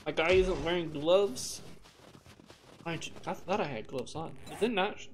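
A man's voice: a little high, normal speed. Joking, rambling young man streaming a game. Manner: joking, rambling, animated outbursts. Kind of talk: casual live-stream chat while gaming. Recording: steady background noise.

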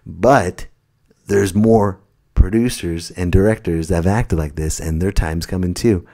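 A man's voice: deep voice, a little slow, gravelly. A man hosting a comedy podcast, rambling through a monologue that keeps interrupting and correcting itself. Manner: rambling, self-interrupting, jumps between loud and muttered. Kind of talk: comic monologue.

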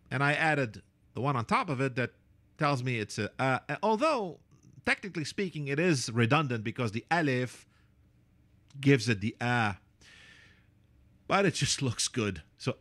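Playful male teacher, slow and lively, dry close sound. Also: dry recording. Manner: playful, self-mocking, lively pitch. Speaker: Arabic calligraphy teacher. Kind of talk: relaxed teaching with asides.

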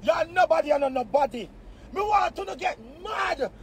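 A Jamaican man with a very high voice rants on a live stream, taunting and cursing. He gets loud and breaks into shouts. A faint hiss sits behind him. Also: lively intonation, moderate pace. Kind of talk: heated live-stream rant.

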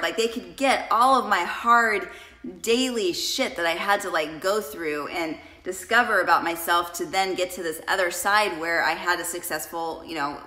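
A woman's voice: mid-range voice, pushed and bright, roomy sound. A woman coach talking casually and emotionally to her viewers in a confessional vlog, addressing them directly. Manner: chatty, emotional, addresses viewers as "you guys". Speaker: coach and vlogger.

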